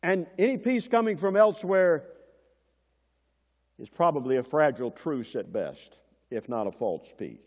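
A man preaches a sermon in a large church hall, and his voice trails into a long reverb. His pitch sits a little high and moves in lively swings, from loud emphasis down to quiet, hushed lines. He questions his listeners like a teacher, and the recording sounds somewhat dull. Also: moderate pace, long pauses. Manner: teacherly, asks the congregation questions.

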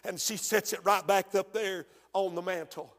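A man preaching a sermon as pastor. He tells the story in hushed tones and then bursts into shouts. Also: high voice, steady tone, normal speed. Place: church. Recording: long reverb of a church hall.

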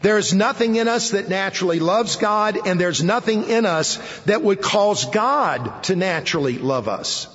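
A man preaching a sermon to a seated audience, speaking emphatically, repeating key phrases and letting his voice sink low at the ends of phrases. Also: lively intonation, moderate pace, hardly any pauses, a bit bright, big-room sound, dull audio. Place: hall with an audience.

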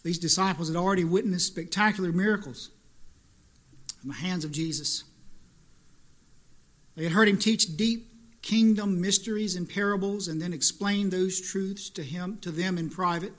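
Male pastor, high and bright, preaches with rising emphatic questions. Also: moderate pace, pauses often. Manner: rising to emphatic peaks, repetitive rhetorical questions. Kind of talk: sermon.

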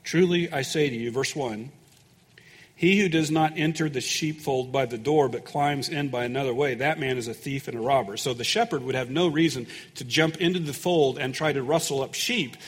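A man preaching a sermon as pastor, folksy and conversational, growing louder and more emphatic when he reads scripture. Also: mid-range voice, moderate pace, slightly rough, big-room sound. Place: church sanctuary.

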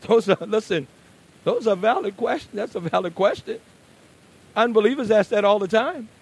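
High-voiced preacher with loud emphatic bursts. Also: male voice, normal speed, slightly rough, poor audio. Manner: swings between quiet asides and loud emphatic bursts. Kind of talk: sermon.

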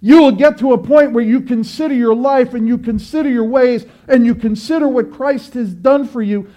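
A man's voice: extremely high pitch, dark tone. A man preaching a sermon, earnest and exhorting, building through repeated phrases.

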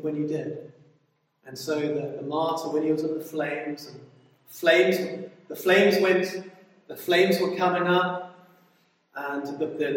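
Male preacher, emphatic sermon delivery, fairly high voice, distant mic in a reverberant hall. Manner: emphatic preaching, rising and falling in volume, with repeated words. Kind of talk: Bible study sermon.

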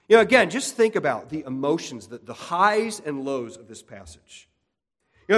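A man's voice: a little high, a bit bright, long reverb tail. A man preaching a sermon in an earnest way, repeating key points and often restarting his sentences. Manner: earnest, repetitive emphasis with frequent restarts. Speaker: pastor.

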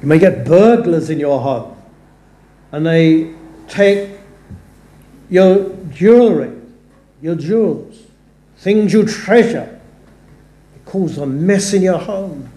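A man preaching in a church, his delivery slow and deliberate. His voice is mellow and dark, and it rings out into a roomy, echoing sanctuary. He leans on each quoted verse with earnest emphasis. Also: a little high. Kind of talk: sermon. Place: church or chapel. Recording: echoey church room.

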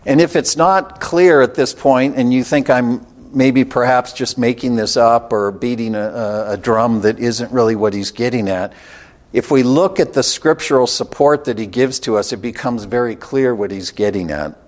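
A man preaching a sermon in a measured, emphatic way, slowing down to stress key phrases. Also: mid-range voice.

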